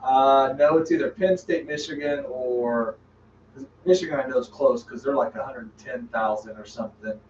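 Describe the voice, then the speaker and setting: A man's voice: medium pitch, fairly even intonation, normal speed, roomy sound, distant mic, muffled recording, slight background noise. A man co-hosting a live podcast, rambling and trailing off as he chats. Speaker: podcast co-host. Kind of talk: casual chat.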